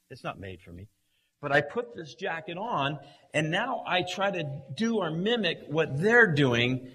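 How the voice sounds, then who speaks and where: Animated, slow-speaking male preacher. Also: a little high, husky. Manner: dramatic, swings from hushed to shouting. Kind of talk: sermon with acted illustration.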